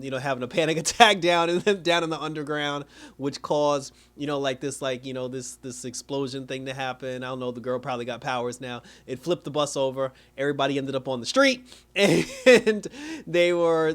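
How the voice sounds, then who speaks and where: A man recapping a TV episode in a loose, rambling way, full of slang and filler words, often laughing as he goes. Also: mid-range voice. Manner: slangy street talk. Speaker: TV show reviewer.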